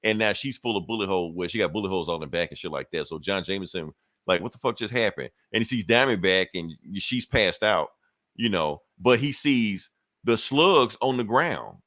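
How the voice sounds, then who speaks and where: A man's voice: sits low, animated, normal speed, a bit bright, no room sound, studio quality. A man hosting a podcast, retelling a comic book issue in loose, profane, chuckling casual chat. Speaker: podcast host.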